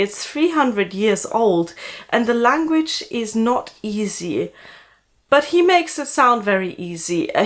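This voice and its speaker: A woman with a slight German accent, a book vlogger casually recommending audiobook narrators and pausing often to think. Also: medium pitch. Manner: thoughtful, with frequent "uh" pauses.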